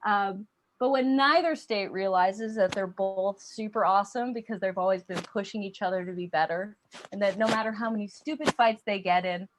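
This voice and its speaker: A woman's voice: medium pitch, normal speed, slight background noise. A young woman performing a stand-up comedy set, chatty and self-deprecating, with frequent ums. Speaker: stand-up comic.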